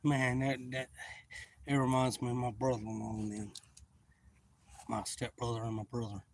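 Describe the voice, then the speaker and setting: A man's voice: mid-range voice, level tone, normal speed, background noise. A man, casually retelling a funny story on his livestream in a rambling way. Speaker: livestream host.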